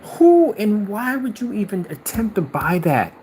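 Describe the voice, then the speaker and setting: A man hosting a gaming video, ranting in exasperated, animated commentary and mocking imagined replies. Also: high-pitched, unhurried, a little hiss or hum. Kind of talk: ranting commentary over clips.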